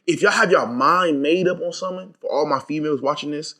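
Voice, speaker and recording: Young male podcast co-host, rapid-fire, profane, emphatic storyteller. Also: on the high side, fairly bright tone. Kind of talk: casual chat.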